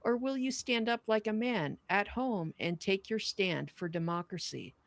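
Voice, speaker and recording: A woman co-hosting a podcast, reading a wartime poem aloud with earnest, measured delivery and chatting casually with her co-host. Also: mid-range voice, vocal fry, dry recording.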